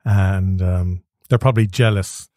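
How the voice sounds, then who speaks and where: An Irish man hosting a podcast, chatting with his guest in a relaxed, easygoing way. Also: sits low, unhurried, no room sound, studio quality. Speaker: podcast host. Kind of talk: casual interview chat.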